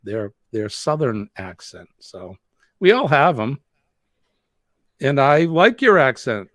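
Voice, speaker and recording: A man's voice: medium pitch, big pitch swings, takes it slowly, a bit bright, no room sound, studio quality. A man from New England with a Boston accent, hosting a live stream, chatting in a rambling way and answering viewer comments. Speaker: host.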